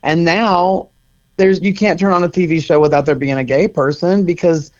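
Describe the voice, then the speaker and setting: A middle-aged man with a slightly high, steady voice talks at a normal pace as a guest in a conversational interview. He co-founded a center and comes across as earnest and reflective, laughing now and then. The lo-fi audio sounds a bit dull.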